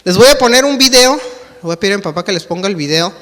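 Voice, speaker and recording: High-voiced Mexican pastor preaching. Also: male voice, lively intonation, very fast, pushed and bright, long reverb tail. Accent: Mexican Spanish. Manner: conversational, addresses the congregation directly with fillers. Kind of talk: sermon. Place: church hall.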